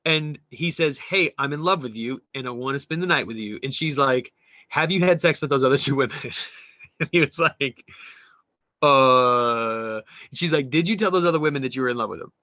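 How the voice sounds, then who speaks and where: Man, podcast co-host, bright voice, slightly high, animated, dull dry recording. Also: brisk, dry recording. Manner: animated, swearing, mimics quoted people. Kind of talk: casual chat reading memes.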